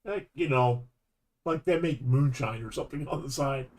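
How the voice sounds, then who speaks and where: A Canadian man with a medium-pitched voice streams a game while telling a long, rambling story at normal speed. It's animated and casual, full of false starts and laughter.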